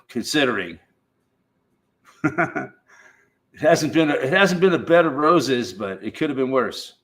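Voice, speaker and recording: On his livestream, a middle-aged American man talks in a slow, drawn-out, rambling way, cursing casually and breaking into laughter between ideas. He has a mid-range voice with a fairly bright tone.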